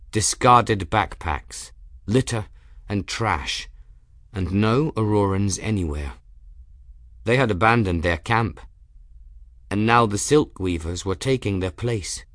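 In a measured, even storytelling manner, a man narrates a scripted audiobook. His voice sits low, and the recording is dry with clean studio sound.

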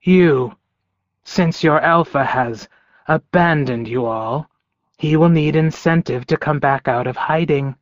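A man voicing a cruel, taunting male werewolf leader with a sneering, drawn-out delivery in an audiobook. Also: on the high side, dry recording, lo-fi sound. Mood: menacing.

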